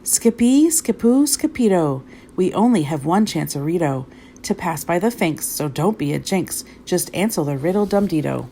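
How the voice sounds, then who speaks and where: A woman's voice: deep voice, expressive, a little slow, creaky, a little hiss or hum, heavily acted. A woman voicing a cheeky pack of little chihuahua dogs that chant and sing together. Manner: chanting together, loud and chirpy.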